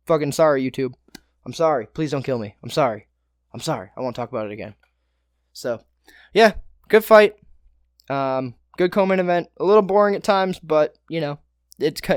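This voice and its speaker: A man's voice: on the high side, no room sound, studio quality. A young man hosting his own podcast, breaking down fights alone in a loose, profane way with joking asides. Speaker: podcast host. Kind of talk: casual solo fight breakdown.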